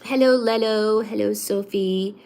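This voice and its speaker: A woman hosting a casual livestream, greeting viewers one by one by name and answering chat in a soft-spoken way with frequent ums. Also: medium pitch, steady tone, a little slow, vocal fry. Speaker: livestream host reading chat.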